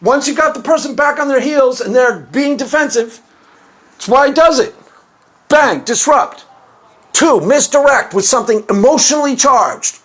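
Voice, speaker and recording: Guy with a fairly high voice ranting casually to camera, lively storyteller, does little voices for quotes. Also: moderate pace. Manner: animated storytelling, acts out quotes, laughs often; conversational, many restarts. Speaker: YouTube commentator. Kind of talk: unscripted video commentary.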